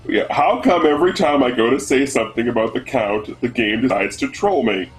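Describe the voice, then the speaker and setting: A man's voice: mid-range voice, a little fast, soft background music, poor audio. A man from the northeastern United States casually commentating a game race, rambling with lots of fillers and restarts.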